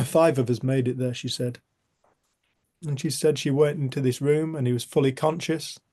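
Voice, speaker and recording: A man's voice: medium pitch, steady tone, moderate pace, mellow. A middle-aged man, leading a group and telling a personal story in an earnest, heartfelt way, often dropping to a near-whisper, heard over a video call. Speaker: group facilitator.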